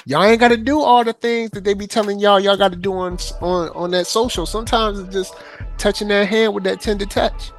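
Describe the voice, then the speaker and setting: Man, podcast co-host, easygoing slangy storyteller, slightly high voice, faint music under. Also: fairly even intonation, a little fast. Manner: laid-back, laughing, slangy storytelling. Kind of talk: casual anime chat.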